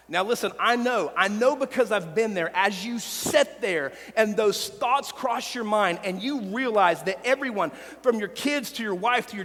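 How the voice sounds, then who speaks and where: High-pitched guy pastor giving a sermon, earnest, church echo. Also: normal speed, hardly any pauses. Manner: earnest and personal, with quiet confessional stretches. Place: church sanctuary.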